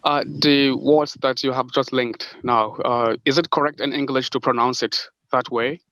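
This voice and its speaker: A man's voice: medium pitch, fairly even intonation, moderate pace, pushed and bright, no echo, rough recording. Man asking polite, hesitant questions. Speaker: student. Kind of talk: online class discussion.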